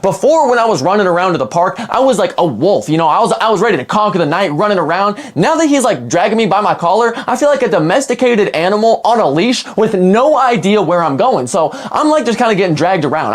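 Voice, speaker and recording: A man's voice: high-pitched, quick pace, few pauses. A young man telling a long personal story in a casual, rambling storytime style, full of "like" and restarts. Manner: animated and rambling, heavy on "like".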